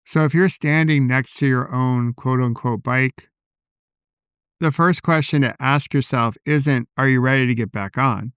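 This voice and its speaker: A man hosting a solo podcast, talking in a calm, personal, reflective way into a podcast microphone. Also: medium pitch, unhurried, smooth, no echo, clean studio sound. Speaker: podcast host.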